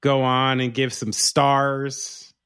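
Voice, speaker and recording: A man's voice: medium pitch, level tone, slow, a bit bright, clean tone, no room sound, clean studio sound. A man hosting a podcast, chatting casually in a playful, teasing way. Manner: playful, teasing, mock-sultry. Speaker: podcast host. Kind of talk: casual chat.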